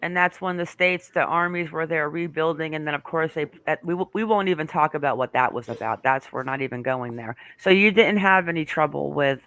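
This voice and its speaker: A woman's voice: deep voice, brisk, hardly any pauses, a bit bright, no echo. A woman hosting a live stream, chatting casually and emotionally with many restarts and fillers. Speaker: host.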